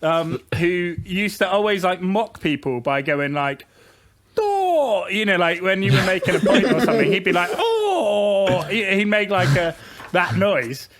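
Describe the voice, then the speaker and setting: A man's voice: high voice, fairly bright tone. A young man co-hosting a podcast in casual chat, laughing and restarting his sentences often. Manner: laughing, halting, with many restarts. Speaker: podcast co-host.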